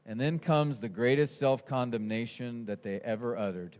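A man preaching an expository sermon, animated and swinging from quiet asides to shouted quotes. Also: medium pitch, moderate pace, hardly any pauses. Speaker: pastor.

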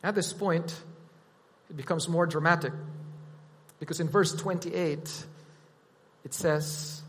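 A man preaching a sermon, teaching in a deliberate, emphatic way. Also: on the high side, steady tone, a bit bright, in a large hall.

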